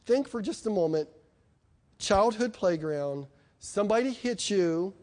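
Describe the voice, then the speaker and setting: A middle-aged male preacher delivers a sermon in a conversational, emphatic style. He often turns to the congregation with questions. His voice is fairly high and mellow. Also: expressive, a little slow.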